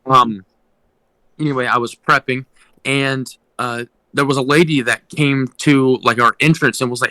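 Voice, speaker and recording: A man's voice: mid-range voice, steady tone, normal speed, sharp tone, no echo, rough recording. A young man co-hosting a podcast, telling a work story casually, rambling with ums and restarts. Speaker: podcast co-host.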